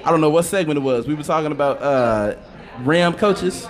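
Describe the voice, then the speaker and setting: A man co-hosting a sports talk show in loose, joking banter. His voice sits a bit high and swings widely in pitch. He laughs through his sentences and rambles when he tells a story. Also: animated, a little fast. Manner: laughs often, playful, rambling, puts on quoted voices.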